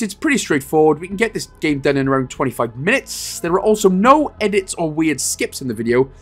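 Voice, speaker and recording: A man hosting a game walkthrough, talking playfully and joking with made-up wordplay. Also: on the high side. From Wales. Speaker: gaming guide host.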